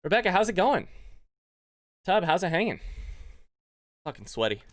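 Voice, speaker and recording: A man's voice: high voice, big pitch swings, moderate pace, no room sound. Male streamer, winded from push-ups, rambly live chat with his viewers. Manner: rambling, thanks chat by name, thinks aloud. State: out of breath.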